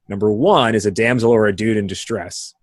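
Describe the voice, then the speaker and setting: A man's voice: lowish voice, fairly quick, no room sound. A man hosting a podcast in casual conversation, explaining ideas animatedly with vivid analogies and frequent tag questions. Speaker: podcast host.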